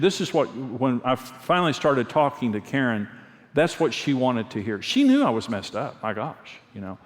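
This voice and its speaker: A man's voice: medium pitch, sing-song, normal speed. Male pastor, mid-range voice, earnest storytelling sermon, recorded with long hall echo. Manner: earnest storytelling, repeats key phrases. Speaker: pastor and marriage speaker. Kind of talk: conversational sermon with personal stories. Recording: long reverb of a large hall.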